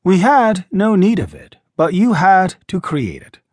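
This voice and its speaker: A man voicing a calm, sorrowful alien man who speaks softly and gravely. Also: unhurried, dry recording, heavily acted. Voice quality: low, soft and grave.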